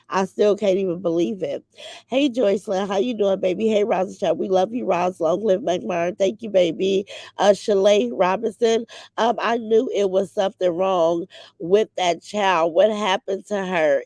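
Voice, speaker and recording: A woman's voice: medium pitch, steady tone, moderate pace, no echo. A middle-aged woman hosting a livestream, chatting candidly with viewers and reading their comments, emotional and open about grief. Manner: emotional, candid, swings from grief to loud laughter. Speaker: livestream host.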